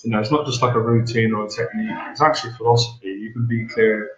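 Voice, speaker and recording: A man's voice: fairly low pitch, steady tone, fast talker, roomy sound, dull audio, a crowd in the background. A man in a casual chat on dating, rambling and repeating himself as he talks. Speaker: dating coach.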